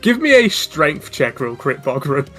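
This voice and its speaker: A man's voice: a little high, very animated, measured pace, a bit bright, faint music behind. A man narrating as dungeon master in a tabletop game, casual and a little stumbling, often laughing.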